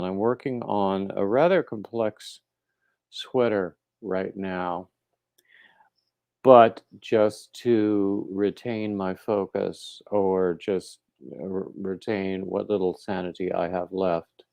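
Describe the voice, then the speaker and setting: A man hosts a casual livestream, talking slowly in a fairly low voice. He rambles and restarts his sentences, filling gaps with ums and uhs, and greets viewers by name. The sound is dry and close, with no room echo. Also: steady tone, vocal fry, warm tone. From coastal North Carolina. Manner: rambling, halting, full of fillers and restarts. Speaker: crochet livestream host.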